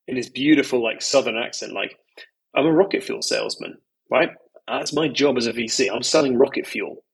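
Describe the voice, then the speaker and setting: Brief: male investor guest, frank and emphatic, a little husky, loose filler-heavy talk. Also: medium pitch, fairly bright tone, poor audio. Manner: candid, emphatic, peppered with "you know" and "like". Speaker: venture capital investor, guest. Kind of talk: podcast conversation.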